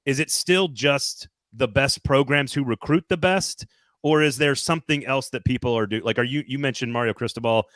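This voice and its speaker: A man hosts a sports podcast, his mid-pitched voice sounding dry and close. He asks long, rambling questions in an easy, casual tone. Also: moderate pace, a bit bright, no room sound. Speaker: podcast host.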